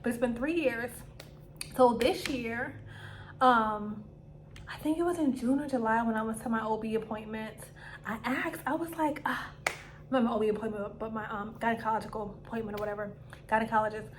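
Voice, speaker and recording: A woman's voice: on the high side, brisk. Chatty young woman, faint background hiss. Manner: chatty, animated, acts out her own quoted lines. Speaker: vlogger. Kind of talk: casual storytelling to camera.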